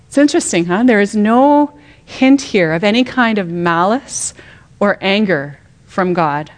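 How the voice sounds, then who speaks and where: Speaking in a mid-range voice at a slightly slow pace, this middle-aged woman teaches the Bible in a conversational way. Her delivery is lively and packed with rhetorical questions, with the occasional dramatic reenactment of a quote.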